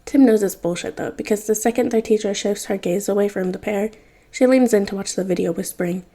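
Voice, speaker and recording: A woman reading a fanfiction audiobook in an even, wry narrating manner. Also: mid-range voice, a little fast. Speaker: podfic reader.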